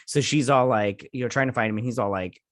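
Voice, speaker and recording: A man's voice: mid-range voice, fast talker, no room sound. Male show host, casual review, loose rambling delivery, swears freely, medium voice, dry room. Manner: rambling retelling, many fillers like "like" and "he's all like".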